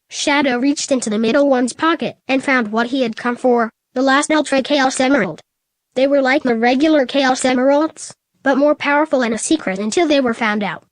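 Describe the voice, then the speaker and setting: A woman reading a fan story aloud in a flat, matter-of-fact way. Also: sits high, dry recording. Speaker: narrator.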